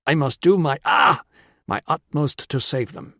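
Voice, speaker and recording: A man's voice: on the high side, a little slow, bright, forceful tone, dry recording, clean studio sound, pitched above the performer's own voice. A man voicing an anxious, apologetic, formal injured man with a skinny frame. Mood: earnest.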